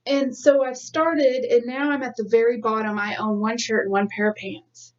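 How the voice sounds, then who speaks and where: A woman's voice: on the high side, fairly even intonation, normal speed. Chatty woman podcaster, distant lo-fi mic. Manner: chatty, rambling, laughs often. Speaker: podcast co-host. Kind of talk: casual chat. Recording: dull lo-fi sound from a distance.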